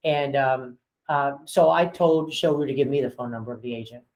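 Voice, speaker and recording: A man's voice: mid-range voice, moderate pace, darkish tone, poor audio. A frank, chatty man runs a casual training session for his agents, trading stories from the office. He talks in a mid-range voice, full of fillers and asides, and acts out both sides of phone calls. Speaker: real estate broker and owner leading agent training.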